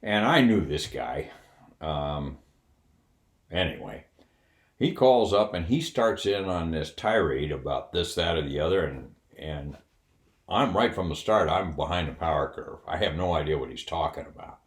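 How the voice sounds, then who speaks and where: A man's voice: a bass voice, expressive, unhurried. An older man, a retired officer, telling a wry anecdote in a casual, candid way with fillers and chuckles. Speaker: retired Air Force officer telling a story. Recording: roomy echo.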